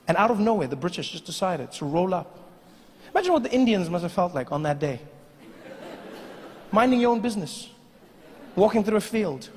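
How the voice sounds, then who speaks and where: A male stand-up comedian telling stories in an animated way, breaking into mimicry. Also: high-pitched, brisk, pauses often, slight background noise. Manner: animated storytelling with bursts of mimicry. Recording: reverberant live venue.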